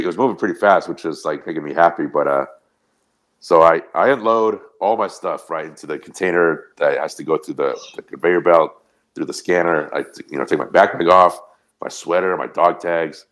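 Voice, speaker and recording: Deep-voiced man telling a rambling story. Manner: rambling, profane, animated anecdote. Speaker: podcast co-host. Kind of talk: casual storytelling.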